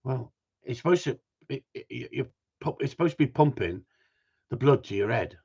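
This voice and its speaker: Male stream host, mid-pitched, jokey banter with chat, muffled lo-fi sound. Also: lively intonation, moderate pace, gravelly, a little mellow, husky. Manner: joking, banters with chat, frequent laughs. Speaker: livestream host. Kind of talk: casual livestream chat. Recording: dull lo-fi stream audio.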